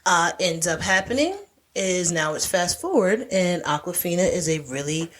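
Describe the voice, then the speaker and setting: Low-voiced woman retelling a film. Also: moderate pace. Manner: animated storytelling, heavy "like" fillers. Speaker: podcast co-host. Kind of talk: casual chat recapping a film.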